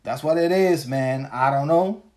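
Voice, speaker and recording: A man's voice: mid-range voice, unhurried, darkish tone. A man in his forties hosting a solo podcast, ranting casually with crude, profane and rambling talk, tired after a long workday. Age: 40s. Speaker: podcast host.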